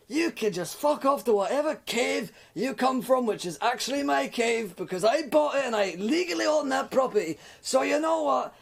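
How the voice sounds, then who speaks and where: A man's voice: very high voice, gravelly, voice pushed up, full character voice. A man voicing a brash, foul-mouthed adventurer ranting with swagger. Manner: swaggering, swearing rant.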